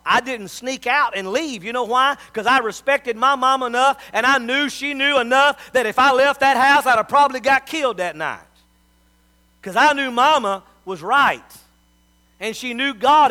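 A man's voice: extremely high pitch, pushed and bright. A middle-aged man, preaching a sermon as a pastor and telling folksy stories.

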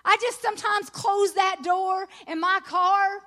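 A middle-aged woman preaching at a women's conference, earnest and encouraging, swelling into excited emphasis when she reads scripture. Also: very high voice, unhurried. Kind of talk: sermon.

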